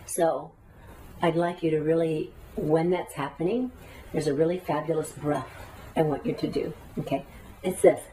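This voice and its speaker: Woman teacher, low and mellow, heard from afar. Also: steady tone, moderate pace, distant mic, a little hiss or hum, rough recording. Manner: earnest, talkative, guides breathing exercises. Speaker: meditation teacher. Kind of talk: spoken teaching to a class.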